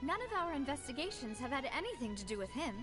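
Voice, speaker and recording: An earnest young partner. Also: female voice, high-pitched, sing-song, fast. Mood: surprised. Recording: game audio with music behind.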